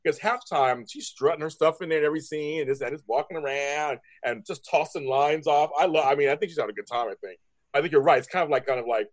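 A man co-hosting a soap recap show in casual, gushing chat. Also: a little high. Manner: animated, quick, gushing.

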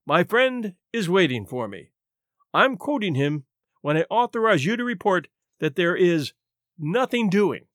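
A man's voice: high-pitched, big pitch swings, a little slow, fairly bright tone, dry recording, exaggerated voice. A man voicing a wry, solemn young man in a story reading. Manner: dry, solemn.

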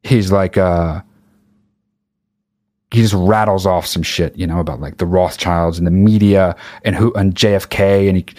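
A man ranting with sarcasm and heavy swearing, mocking others in high put-on voices. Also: darkish tone. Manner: angry, sarcastic, swears a lot. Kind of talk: profane ranting monologue.

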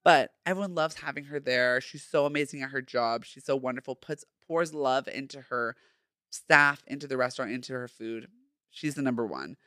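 A man's voice: medium pitch, normal speed, sharp tone, dry recording, studio quality. A young man hosting a casual solo podcast, sassy and playful, full of slang. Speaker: podcast host.

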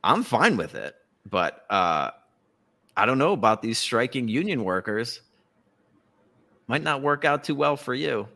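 Male podcast host, mid pitch, sarcastic and profane, loose conversational delivery. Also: big pitch swings, a little slow, vocal fry, pauses often, pushed and bright. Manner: profane, sarcastic, laughs often. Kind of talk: casual political chat.

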